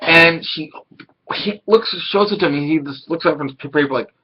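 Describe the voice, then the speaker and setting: A man casually reviewing an anime episode, rambling and excitable, swearing now and then. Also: a little high, a little fast, muffled recording, a little hiss or hum.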